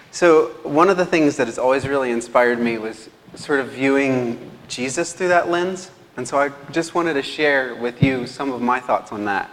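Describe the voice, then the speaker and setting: A man's voice: mid-range voice, fairly bright tone, slight background noise. A young adult man giving a lay sermon, telling stories in a self-deprecating way. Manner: self-deprecating, storytelling, chuckles often. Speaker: lay preacher, teacher. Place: church hall. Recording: long hall reverb.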